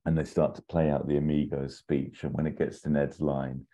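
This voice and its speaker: Very deep-voiced man, playful storyteller. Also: moderate pace. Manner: animated, jumps into silly high voices for characters. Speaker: podcast co-host pitching an imagined sequel. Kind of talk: casual comedic storytelling. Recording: dull lo-fi sound.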